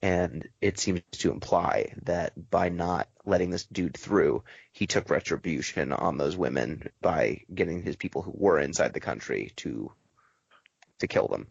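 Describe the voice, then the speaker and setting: A man with a low voice hosts a casual podcast and tells stories in a quick, animated way. The recording is dry and slightly muffled. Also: creaky, breathy edge, no echo. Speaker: podcast host.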